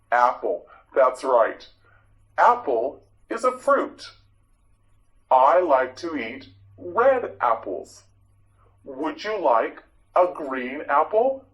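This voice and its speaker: Slow, lively-pitched patient male teacher. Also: muffled recording. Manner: patient, encouraging, repeats each word slowly and clearly. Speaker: English teacher. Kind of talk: vocabulary drill lesson for learners.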